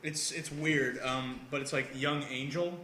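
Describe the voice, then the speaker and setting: Very bright young man telling comic stories. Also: medium pitch, unhurried, reverberant. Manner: animated storyteller, acts out characters' lines. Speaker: podcast co-host. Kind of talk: casual chat about comics.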